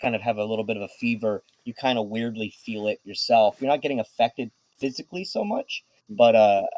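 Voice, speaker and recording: A man's voice: fairly low pitch, a little fast, darkish tone, rough recording. Hesitant man running a tabletop game. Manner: hesitant, many restarts. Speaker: game master.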